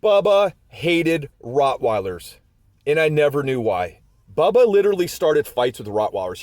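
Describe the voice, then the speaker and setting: A man's voice: medium pitch, a little mellow, no room sound. A man in his forties telling rambling, chatty stories about his dogs in a casual vlog. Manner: rambling, chatty storytelling with many asides. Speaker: dog owner vlogger.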